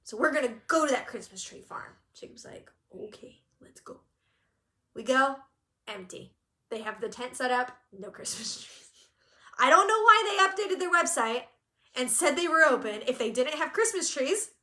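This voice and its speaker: A woman's voice: high-pitched, lively intonation, moderate pace, pushed and bright. A woman from Southern California co-hosting a cross-stitch channel, telling a story in casual chat and acting out quotes with laughter. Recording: echoey room.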